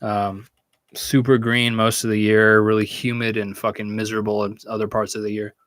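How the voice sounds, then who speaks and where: A young man hosting a podcast, answering chat questions in a rambling, halting, profane way and laughing often. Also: on the low side, level tone, a bit bright, dry recording. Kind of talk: casual live Q&A chat.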